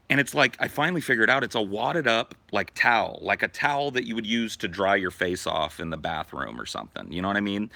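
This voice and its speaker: A man telling a profane story in a casual, animated way as a podcast host. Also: lowish voice, vocal fry, no room sound.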